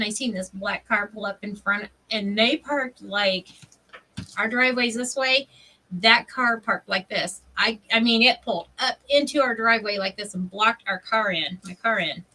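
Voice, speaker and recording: A woman, hosting a craft livestream and telling stories in an animated way, laughing often. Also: mid-range voice, normal speed, recorded from a distance, poor audio. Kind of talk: casual chat while crafting.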